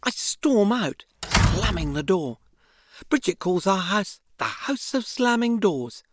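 Husky woman reading wryly. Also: mid-range voice, takes it slowly. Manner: lively, wry, expressive. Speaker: reader. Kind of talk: reading a first-person memoir aloud.

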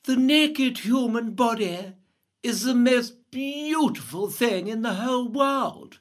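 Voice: medium pitch, animated, voice pushed up. A pompous, drawling history master, put on by a woman reader. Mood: lofty. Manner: slow fake aristocratic drawl.

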